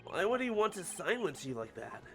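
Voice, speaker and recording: A performer voicing an earnest young male lawyer in a fan voice-over of a story game, quick to get flustered. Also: medium pitch, big pitch swings, fairly bright tone, soft background music.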